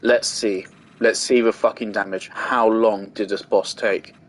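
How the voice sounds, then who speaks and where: A man's voice: on the low side, fairly even intonation, a little slow, a bit bright. A young man giving angry gameplay commentary, ranting and swearing heavily. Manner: furious ranting, heavy swearing. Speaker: gaming video creator.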